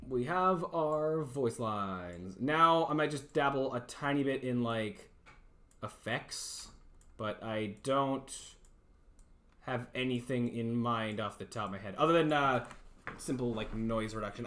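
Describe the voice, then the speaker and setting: A man's voice: mid-range voice, pushed and bright. A young man chatting casually on a livestream, rambling, self-deprecating and laughing often.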